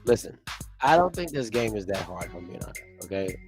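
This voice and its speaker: A man's voice: on the low side, very animated, a little fast, faint music behind. A man who runs the channel, chatting casually about the game in an informal, slangy way. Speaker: channel owner and co-commentator. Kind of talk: casual sports banter.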